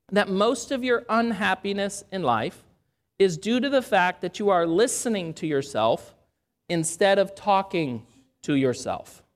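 A woman with a mid-range voice preaches a sermon earnestly and in a measured manner, posing rhetorical questions.

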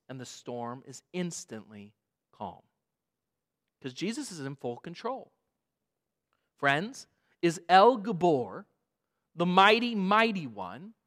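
A man preaching a sermon as a pastor, dramatic and emphatic, dropping to a hush and rising again, repeating phrases for emphasis. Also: high voice. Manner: dramatic, swings from hushed to loud emphasis.

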